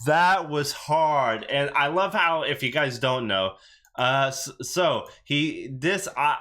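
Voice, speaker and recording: A man's voice: on the high side, expressive, takes it slowly, pushed and bright. A young man hosting a reaction video, talking loosely and casually with lots of fillers and restarts.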